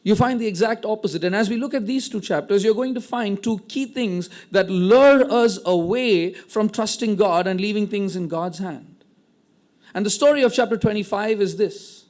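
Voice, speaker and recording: High-voiced man preaching a sermon. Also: normal speed. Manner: animated storytelling, acting out quoted lines; repeats words when restarting. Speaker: pastor.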